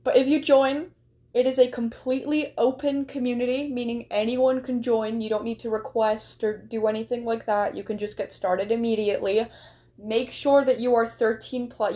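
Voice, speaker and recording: A woman talks casually to her livestream viewers in a slightly higher-than-average voice. She rambles from thought to thought and peppers her sentences with "like". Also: fairly even intonation, moderate pace, mellow. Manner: rambling, chatty, heavy use of "like".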